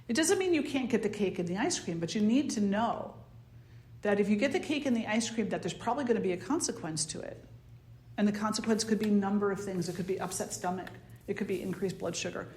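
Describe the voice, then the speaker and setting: A woman spiritual teacher with a New Jersey accent giving a conversational, soft-spoken talk to a small circle, now and then acting out the ego in quoted asides. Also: mid-range voice. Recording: roomy echo.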